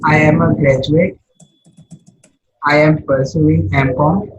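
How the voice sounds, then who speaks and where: A man's voice: a little high, level tone, slow pace, slight background noise. Young man, learner, hesitant, repeats lines, dull lo-fi sound. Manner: hesitant, repeats sentences to practise. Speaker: English learner.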